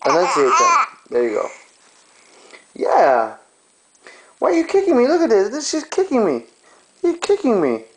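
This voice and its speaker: A man doing playful, sing-song baby talk to his infant daughter while filming her on a handheld home camera at home. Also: fairly high pitch.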